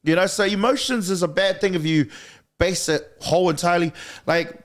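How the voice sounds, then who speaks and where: A New Zealand man with a high-pitched voice talks as a podcast guest. He is blunt and animated, and he swings his pitch wildly whenever he acts out what other people said. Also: fairly quick. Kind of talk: casual podcast conversation.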